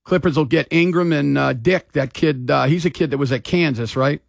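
A man's voice: a little high, moderate pace, gravelly, dry recording. A man hosting sports talk radio in a loose, rambling, casual way from a studio mic.

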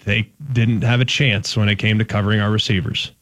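A man's voice: lowish voice, little pitch movement, brisk, a bit bright, no echo. A man from Dallas-Fort Worth, co-hosting a sports talk show and making emphatic, folksy points, often repeating phrases. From Dallas-Fort Worth, Texas. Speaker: sports radio co-host.

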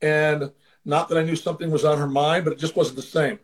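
A man's voice: fairly high pitch, steady tone, brisk. A man as an interview guest, earnestly telling a personal story in casual conversation, sometimes acting out the voices of the people in it. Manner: earnest, acts out quoted voices. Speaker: interview guest, former baseball manager.

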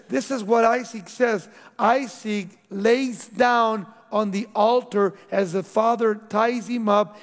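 A man preaching a sermon as pastor, building emphasis and then dropping to soft, quiet phrases. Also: high voice. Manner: preaching with rising emphasis and sudden soft drops. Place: church sanctuary. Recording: long hall reverb.

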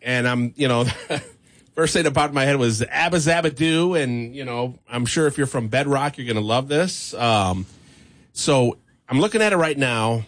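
A man's voice: medium pitch, normal speed, fairly bright tone, no room sound. A man hosting a radio morning show in the studio, chatting casually and laughing easily while taste-testing candy. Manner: easygoing, chatty, laughs often. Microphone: studio microphone.

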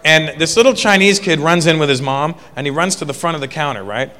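Male stand-up comedian, chatty storytelling, higher voice, echoing hall, faint background noise. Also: quick pace, sharp tone. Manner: conversational storytelling with checks of right?.

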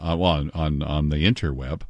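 Brief: male talk radio host, very deep voice, relaxed and halting, dry close studio mic. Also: dry recording. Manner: easygoing, halting with fillers. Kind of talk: morning radio show.

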